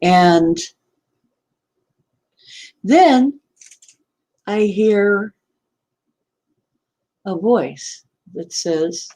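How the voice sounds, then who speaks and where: A woman's voice: medium pitch, extremely slow, pauses often, darkish tone. A woman casually recounting a dream and a night phone call, rambling and correcting herself, often laughing. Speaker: channel host. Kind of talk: casual storytelling to camera.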